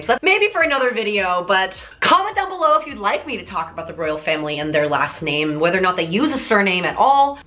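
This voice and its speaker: A young woman in her twenties talks straight to camera in a chatty vlog, gushing and animated as she goes. Her voice sits a touch high and sounds bright and forceful, with a bubbly, excitable delivery. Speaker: vlogger.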